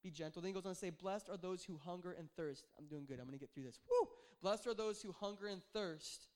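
A young adult man, a pastor, preaching a conversational sermon, joking and telling animated stories. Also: high-pitched, fast.

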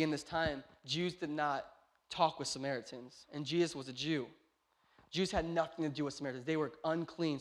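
A man in his thirties preaching to his church, his voice sitting high for a man. He swings from shouted exclamations down to quiet, conversational storytelling. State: tired, short on sleep. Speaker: pastor. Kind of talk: sermon.

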